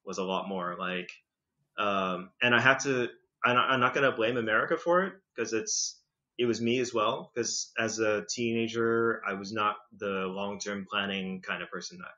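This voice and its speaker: A young man with a slightly British-tinged accent, chatting casually as a podcast guest, rambling with lots of fillers and quick laughs. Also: lowish voice, bright, forceful tone. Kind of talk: casual conversational storytelling. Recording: slightly muffled lo-fi recording.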